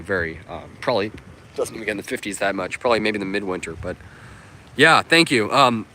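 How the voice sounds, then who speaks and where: Man, livestream host, lowish voice, bright tone, upbeat chatty comment reading, outdoor phone stream. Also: slight background noise. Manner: upbeat and chatty, with many fillers. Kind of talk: casual livestream chat answering viewer comments. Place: outdoors on a sunny coast.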